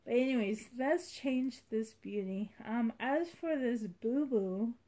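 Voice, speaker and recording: A woman's voice: fairly high pitch, slow pace. A woman vlogging about her doll collection in a rambling, heartfelt way. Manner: rambling, heartfelt, soft-spoken. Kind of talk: casual vlog chat.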